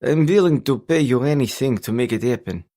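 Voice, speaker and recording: A man's voice: mid-range voice, expressive, a little fast, dark tone, pitched above the performer's own voice. A man voicing a cold, pragmatic Russian crime boss who speaks in a restrained, unemotional way, with a heavy Russian accent.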